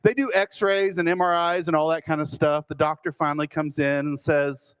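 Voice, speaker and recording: A man from Texas, telling a humorous personal story with self-deprecating, deadpan timing. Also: fairly high pitch, moderate pace, hardly any pauses, clean tone. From Fort Worth, Texas.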